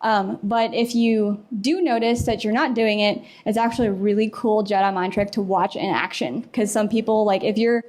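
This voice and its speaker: A woman's voice: fairly high pitch, a little mellow. A young woman giving a casual conference talk in a hall, chatty and laughing often. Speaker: conference speaker.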